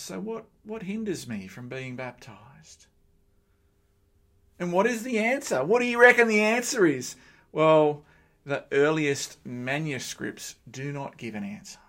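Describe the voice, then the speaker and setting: A middle-aged man preaching a sermon, with lively joking asides to the congregation. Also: fairly high pitch, vocal fry.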